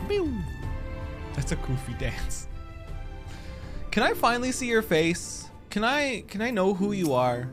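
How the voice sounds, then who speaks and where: With game music playing behind her, a woman casually chats with her viewers while gaming, keeping things playful and goofy. Her mid-range voice has big pitch swings, and she talks a little slowly with long pauses.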